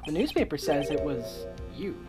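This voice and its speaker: A woman's voice: sits low, big pitch swings, normal speed, loud music behind the voice. A woman voicing a nervous young male rookie lawyer in a game, speaking earnestly. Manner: earnest, slightly unsure.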